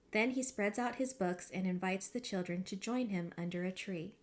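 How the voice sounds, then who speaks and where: A woman teacher reading a picture book aloud to a class, with expressive storytelling and pointers to the illustrations. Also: medium pitch, moderate pace.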